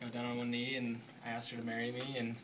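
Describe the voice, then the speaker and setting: A man's voice: medium pitch, fast, distant mic, noisy background. Chatty young man telling a story. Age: young adult. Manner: relaxed, chatty, with nervous laughs. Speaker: newly engaged college student. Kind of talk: casual storytelling to an audience.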